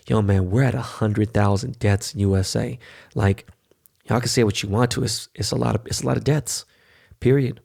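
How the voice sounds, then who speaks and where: A man's voice: lowish voice, fairly even intonation, fairly quick, creaky, a little mellow. A man, hosting a podcast and telling a loose, profane, talkative story in casual monologue. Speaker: podcast host.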